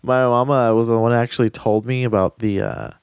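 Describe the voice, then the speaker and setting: A man's voice: mid-range voice, steady tone, fairly quick, clean tone, no room sound. A man in casual podcast chat who swears often, laughs a lot and riffs on the topic.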